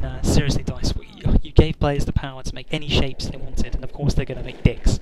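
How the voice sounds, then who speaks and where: A man's voice: mid-range voice, flat delivery, fairly quick, hardly any pauses, heavy background noise. A man giving rambling, sweary, self-mocking commentary over his own gameplay. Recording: loud game gunfire and explosions behind.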